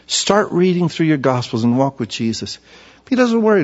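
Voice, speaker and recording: A man preaching a sermon, his fairly high voice carrying through a long echo. He swings from lively, acted-out voices to quiet, soft calm tones, and the recording sounds dull and lo-fi. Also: brisk. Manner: animated, acts out quoted voices, then drops to soft calm tones. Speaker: pastor. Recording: echoey hall, dull lo-fi sound.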